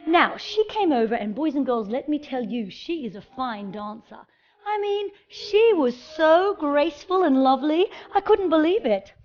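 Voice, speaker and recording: A woman presenting a children's show in a fairy character, telling a story in an animated, sing-song way and talking straight to the children. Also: high-pitched, moderate pace, muffled recording.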